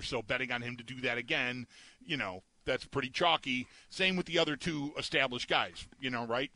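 Stammering bright-voiced male co-host. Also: mid-range voice, no room sound. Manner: stammering, rambling restarts. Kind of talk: sports betting radio chat.

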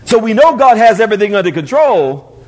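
Preaching to his church congregation, this pastor is animated and brisk, his high-pitched voice frequently doubling back to repeat or restart words.

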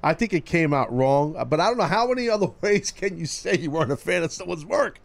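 A male radio host with a gravelly voice and lively, swooping pitch. He is loud and teasing, keeps up a steady stream of casual studio banter, and talks right over his callers. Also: fast talker.

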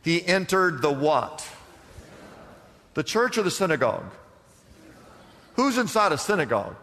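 A man's voice: on the high side, very animated, a little slow, fairly bright tone. A man preaching a sermon to a congregation and drawing answers from them with questions, recorded in a church. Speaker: pastor. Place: church sanctuary. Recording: long reverb from a large room.

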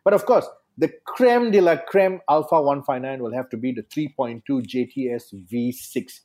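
A man's voice: mid-range voice, moderate pace, darkish tone. A man chatting casually as a podcast guest, a playful storyteller who acts out little voices. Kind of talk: casual chat.

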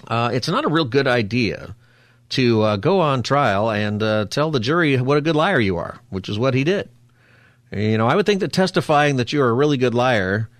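A man hosting a radio talk show, chatting quickly and casually with jokey asides into a studio microphone. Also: mid-range voice, a bit bright, dry recording.

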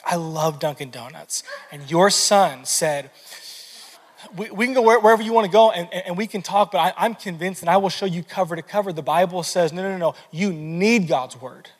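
Male pastor, 30s, high voice, lively conversational sermon, long hall reverb. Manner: energetic, conversational preaching with many repeated words.

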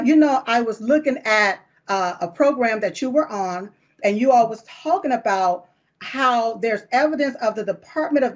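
A woman's voice: a little high, lo-fi sound. A woman hosting a political talk show, talking in a fiery, folksy and emphatic way.

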